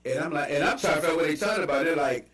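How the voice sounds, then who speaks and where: A man's voice: fairly high pitch, recorded from a distance. A man with a Baltimore accent talks loosely and animatedly, jumping between stories and asides. He sits a little off the mic, and the room gives his voice a roomy echo. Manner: animated storytelling with quick asides and laughs. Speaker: podcast host. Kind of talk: casual chat.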